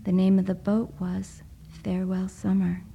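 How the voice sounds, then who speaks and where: A woman reading a story aloud in a hushed voice, often dropping into a whisper. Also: medium pitch, completely flat delivery, normal speed, creaky, slight background noise, poor audio. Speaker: narrator. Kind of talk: soft-spoken story reading.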